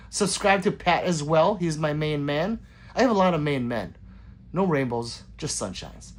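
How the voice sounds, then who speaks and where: A man hosting a casual livestream, rambling and joking as he reads viewer comments aloud. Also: fairly high pitch. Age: adult with children. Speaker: livestream host reading chat.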